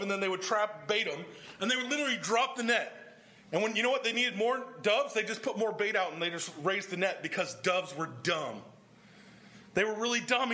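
A man's voice: high-pitched, pushed and bright. A man preaching a sermon, explaining scripture verse by verse and putting questions to his congregation. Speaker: pastor.

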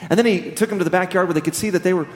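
Preacher guy, fairly high voice, lively storytelling, big echoey hall sound. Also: racing. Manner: animated storytelling, humorous. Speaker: pastor. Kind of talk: sermon.

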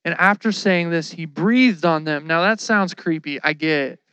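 A man giving a casual, lively sermon, telling the story with slang and acting out the people in it. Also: fairly high pitch, normal speed, clean tone, no room sound.

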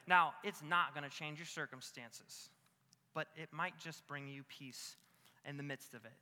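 A young man preaching a sermon with comic stories, animated and self-mocking, full of casual fillers. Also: on the high side, a little slow. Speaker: pastor. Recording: long hall reverb.

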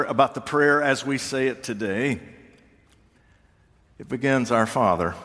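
Older man preaching slowly in a hall. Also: fairly low pitch. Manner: slow, reflective preaching with gentle humor. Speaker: pastor. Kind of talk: sermon. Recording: long reverb of a large hall.

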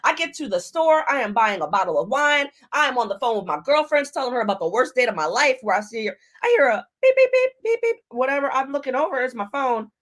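A woman hosts a casual podcast alone, telling a long personal story. Her voice sits a little high and swings widely, rising and falling as she slips into the voices of the people in it. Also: fast, few pauses. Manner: animated, acts out quotes, laughs often. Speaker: podcast host.

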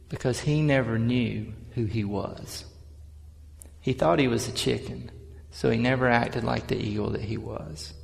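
A man's voice: mid-range voice, creaky, long reverb tail. A man, a pastor, preaching a sermon in an earnest, conversational way, with a prayer and a story.

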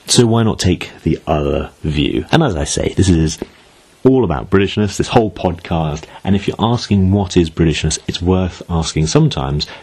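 A man from Britain hosts a solo podcast in a low, husky voice. He talks in a chatty, wry way, thinking aloud and dropping in asides as he goes. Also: a little mellow. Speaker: podcast host.

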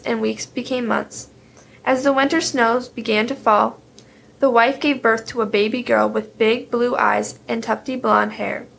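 A woman reading a fairy tale aloud in a steady, clear storytelling manner. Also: on the high side, slight background noise.

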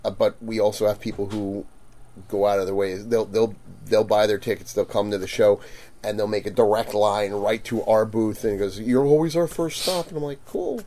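A man telling stories in a casual chat, animated, laughing and acting out quotes loudly. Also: on the low side, brisk. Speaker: guest vendor.

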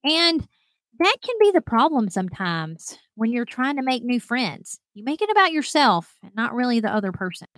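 A woman's voice: fairly high pitch, very animated, moderate pace, a bit bright, dry recording. A woman hosting her own podcast, chatting in an upbeat way and laughing often. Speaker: podcast host. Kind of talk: solo podcast talk.

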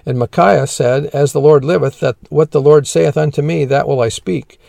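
A man reading old scripture aloud in a measured, plain way and pausing to explain the verses as a teacher. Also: a little high, fairly even intonation, vocal fry, warm tone, dry recording.

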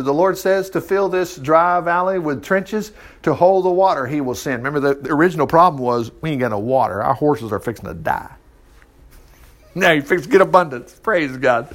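A man preacher reading a Bible passage aloud in a folksy way, breaking in often with his own asides. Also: high-pitched. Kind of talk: Bible reading with running commentary.

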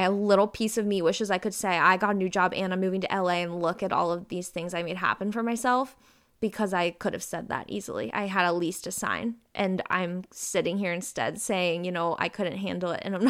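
A woman in her twenties hosting a podcast, talking casually and openly with lively bursts of emphasis. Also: mid-range voice, clean tone. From Ohio. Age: 20s. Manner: chatty, open and confessional, with lively bursts of emphasis. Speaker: podcast host. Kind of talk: casual personal chat.

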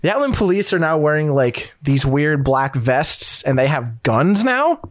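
A man's voice: on the high side, big pitch swings, unhurried, dry recording, clean studio sound. A man running a tabletop game as game master, narrating loosely with lots of fillers and restarts. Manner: rambling, filler-heavy narration.

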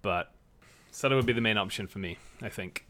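A man's voice: lowish voice, brisk, fairly bright tone. A man chatting on a sports podcast in a tentative, hedging way. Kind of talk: casual sports chat.

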